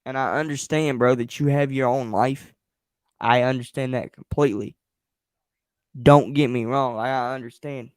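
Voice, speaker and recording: A man's voice: mid-range voice, steady tone, moderate pace, smooth, dry recording. Man, show host, heated home rant, blunt, repetitive, swearing, dry close sound. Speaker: podcast host. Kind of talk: angry solo rant on a live stream. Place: home at night, a partner asleep nearby.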